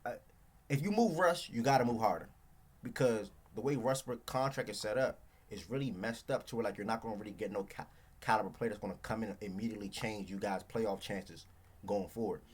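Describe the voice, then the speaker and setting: Fast-talking husky man debating sports. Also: on the low side. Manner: fast, emphatic, keeps asking "you know what I'm saying". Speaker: podcast co-host.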